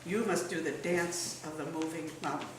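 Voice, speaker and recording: A woman voicing an old wise village man who speaks slowly and calmly, in a low, pondering way. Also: background noise, lightly acted. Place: live stage in a hall. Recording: echoey hall from far off.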